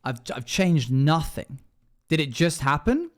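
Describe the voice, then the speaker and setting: A man's voice: on the high side, big pitch swings, a little slow. A man streaming live as a dungeon master, chatting emotionally and rambling as he reacts to chat. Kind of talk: casual livestream chat.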